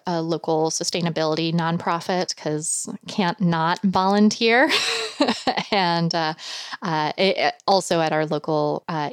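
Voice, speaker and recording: A woman's voice: deep voice, clean tone, no echo. A woman being interviewed as a guest about her animal behavior work, telling stories in a chatty, rambling way and laughing often. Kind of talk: casual podcast interview storytelling.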